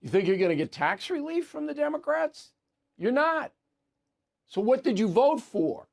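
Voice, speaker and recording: A man's voice: extremely high pitch, sing-song, moderate pace, creaky. An older man giving a blunt, opinionated political commentary, firing off rhetorical questions. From United States.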